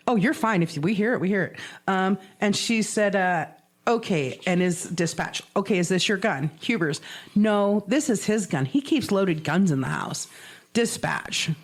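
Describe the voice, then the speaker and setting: Animated woman telling a true crime story. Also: mid-range voice, normal speed. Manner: animated storyteller, acts out quotes, swears, laughs often. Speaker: podcast co-host. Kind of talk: casual chat retelling a true crime case.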